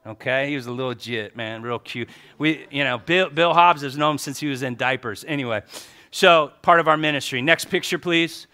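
A middle-aged male pastor preaches from the front of his church, telling stories in an animated way. His voice is bright and forward, and he quotes others in his own voice. The delivery is a lively sermon. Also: medium pitch, normal speed.

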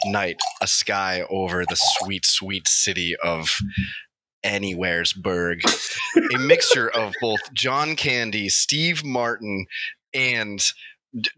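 A man with a fairly low but very bright, sharp voice, improvising a crude comic story on a podcast. He rambles and swears freely. The sound is close-miked and dry. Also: dry recording.

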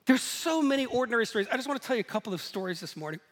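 A man preaching a sermon, telling stories in a lively, animated way and laughing at himself now and then. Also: extremely high pitch, very fast. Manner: storytelling, animated, self-deprecating laughs. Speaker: pastor. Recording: echoey hall.

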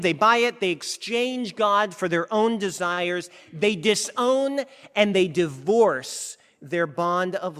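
Man preaching a sermon, high lively voice, chatty with lots of restarts, long echo in a big hall. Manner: animated and conversational, with frequent restarts.

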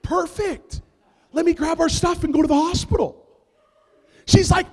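A man in his thirties, a pastor preaching and telling a comic family story with big swings in loudness. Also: very high voice, fairly even intonation, normal speed. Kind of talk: sermon. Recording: long reverb of a large hall.

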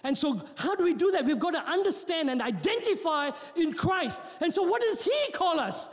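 A man's voice: extremely high pitch, lively intonation, moderate pace. A man preaching a sermon in a church, joking with the congregation and often repeating his words. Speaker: pastor. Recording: long hall reverb.

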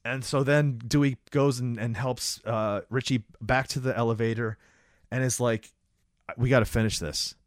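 A man's voice: medium pitch, moderate pace, no room sound, studio quality. Chatty man retelling a movie plot. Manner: animated retelling, acts out lines, many fillers. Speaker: podcast co-host recapping a movie. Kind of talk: casual chat.

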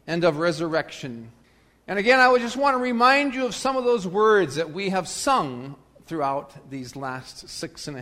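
A man leading a church service as pastor, reading the gospel, praying and preaching in a measured, emphatic way. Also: high-pitched, sharp tone, big-room sound. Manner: measured, emphatic reading with rising and falling delivery. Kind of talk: sermon with gospel reading and prayer.

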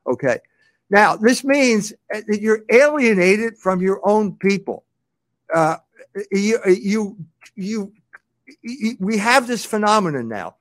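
A man with a very high voice gives mocking commentary on a clip, laughing at it and often repeating his words. The sound is dry and close, with no room echo. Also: animated, slow.

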